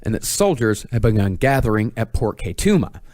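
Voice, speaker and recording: A man narrates a scripted true-crime story for a podcast. His pitch rises and falls a lot, and he keeps a measured, storytelling pace. The sound is dry and close, with no room echo. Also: very animated, a little mellow. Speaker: podcast host telling the story.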